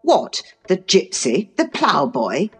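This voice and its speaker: A woman reading an audiobook, voicing a fastidious, cross gentleman husband in a peevish, dismissive tone. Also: on the low side, huge pitch swings, slightly rough, faint music behind, heavily acted. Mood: irritable. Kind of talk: audiobook character voice.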